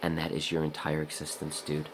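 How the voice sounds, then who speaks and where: A man's voice: monotone, brisk, background noise. A man vlogging in a casual, rambling monologue, blunt and profane, talking straight to the viewer and acting out his own inner voice. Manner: acts out his own inner voice in a higher, louder pitch.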